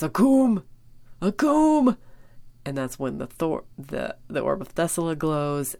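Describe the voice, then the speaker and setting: A woman's voice: low voice, vocal fry. A woman casually recapping a TV episode, rambling and enthusiastic, full of fillers. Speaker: podcast host recapping an episode.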